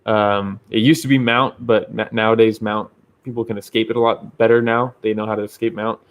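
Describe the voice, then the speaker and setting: A man's voice: lowish voice, level tone, a little fast. A man co-hosting a casual podcast about fights, loose and profane, laughing often. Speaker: podcast co-host.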